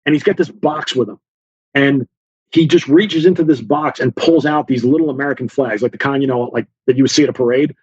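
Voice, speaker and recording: A man's voice: medium pitch, a little fast, breathy edge, no room sound, muffled recording. A man being interviewed, telling a story with lots of fillers and acting out the dialogue. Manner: animated storyteller, acts out dialogue, many fillers. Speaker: guest author, former Special Forces officer.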